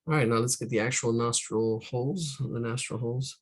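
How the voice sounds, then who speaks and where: A man's voice: medium pitch, fairly even intonation, a little fast, breathy edge. A man teaching caricature drawing live, talking through each stroke, counting aloud and trailing off into muttered asides. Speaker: art instructor.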